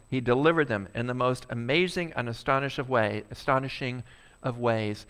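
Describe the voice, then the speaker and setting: A male pastor preaching a sermon, animated and acting out a complaining crowd. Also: mid-range voice, smooth.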